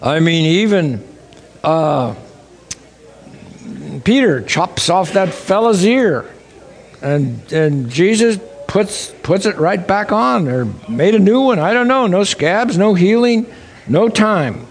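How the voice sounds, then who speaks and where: A man's voice: high-pitched, takes it slowly. A man giving a sermon-style lecture, telling folksy stories and exclaiming in wonder. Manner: folksy storytelling, animated and exclaiming. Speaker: creation science speaker.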